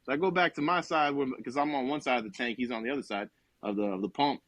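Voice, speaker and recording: A man's voice: mid-range voice, lively intonation, fast talker, a bit bright, no room sound. A young man from New Jersey, a podcast co-host, telling a rambling, profane comic story with lots of quoted dialogue. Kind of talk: casual comedic storytelling.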